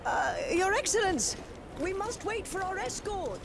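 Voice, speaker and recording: A woman's voice: very high voice, very animated, measured pace, heavily acted. An actress playing a polite, formal noblewoman who is the outgoing governor. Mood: courteous. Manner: courteous, formal. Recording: game audio with loud ambient noise.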